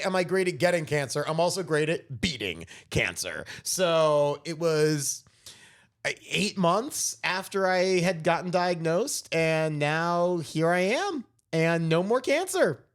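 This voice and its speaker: A man in his thirties co-hosting a podcast, telling a story in casual chat, animated and swearing freely. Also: fairly high pitch, unhurried. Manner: animated, swearing, acts out quoted voices. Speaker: podcast co-host.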